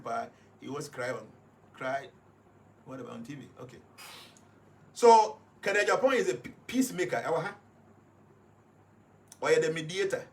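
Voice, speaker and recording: A man's voice: on the high side, a little hiss or hum. A man with a Ghanaian accent speaking on live radio, explaining his points one at a time and mixing English with Twi. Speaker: radio guest reading numerology.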